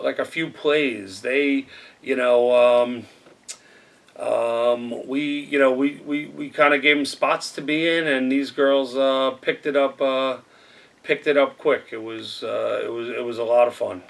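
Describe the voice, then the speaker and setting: A man who coached the team, recalling games in an interview with frequent pauses and fillers. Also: mid-range voice, distant mic. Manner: halting, lots of fillers. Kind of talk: interview recollection.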